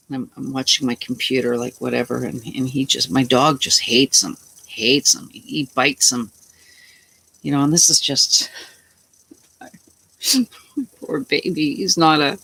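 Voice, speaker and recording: A woman's voice: low-pitched, a bit bright, low-quality recording. A middle-aged woman who is unwell, telling a long, rambling, indignant story in a casual vlog and acting out her own lines. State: unwell, tired. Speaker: vlogger.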